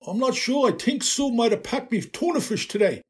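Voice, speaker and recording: A man's voice: extremely high pitch, expressive, moderate pace, pitched above the performer's own voice. A man doing a shrugging Irish steam fitter. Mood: puzzled. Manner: mild and shrugging. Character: puzzled Irish male steam fitter, easygoing.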